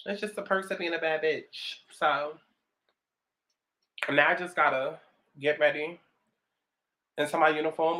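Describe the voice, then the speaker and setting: Sassy New York woman, bright voice. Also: low-pitched, slight background noise. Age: around 30. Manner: sassy, profane and chatty. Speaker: vlogger. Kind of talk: get-ready-with-me casual chat.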